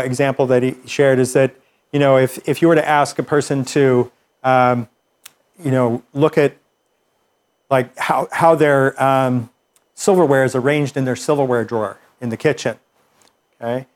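A man teaching a class, explaining ideas with examples and often restarting his sentences. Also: a little high. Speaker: instructor.

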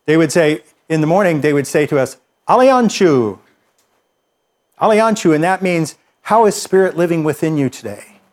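Male workshop instructor, slightly higher voice, easygoing explainer who talks through ideas with a live group. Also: brisk. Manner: relaxed, conversational explaining with fillers and restarts.

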